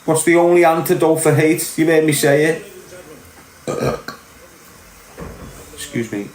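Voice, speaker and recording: Speaking slowly with frequent pauses, this middle-aged podcast host has a Liverpool accent and a somewhat high, slightly mellow voice. His unscripted monologue to camera is blunt, sweary, and preachy, recorded in an echoey room with faint music.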